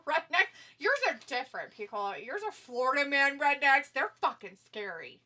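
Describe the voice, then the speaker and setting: A woman's voice: high voice, lively intonation, unhurried, sharp tone. A woman co-hosting a live stream, chatting casually, teasing and laughing often while reading viewer comments. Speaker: stream co-host.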